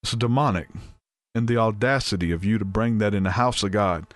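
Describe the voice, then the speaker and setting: A man, hosting a podcast, who tells a story in a casual, animated and rambling way, with restarts and asides. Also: on the low side, fast talker, no echo. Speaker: podcast host.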